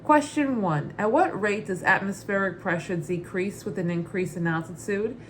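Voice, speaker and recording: A woman putting on her mother's Brooklyn accent to read out exam questions in an exaggerated, drawn-out way. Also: medium pitch, slight background noise, lightly acted. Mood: quizzing. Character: brassy middle-aged Brooklyn mom quizzing a pilot.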